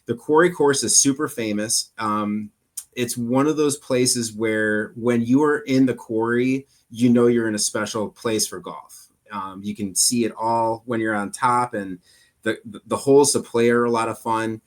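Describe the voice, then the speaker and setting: A man's voice: mid-range voice, steady tone, unhurried. A man who directs an amateur golf tour, talking earnestly in a loose, rambling way with many fillers. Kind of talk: casual chat.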